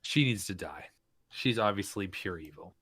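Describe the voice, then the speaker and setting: A man playing a tabletop role-playing game, chatting in an animated, joking way. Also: low-pitched, moderate pace, a little hiss or hum. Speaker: player.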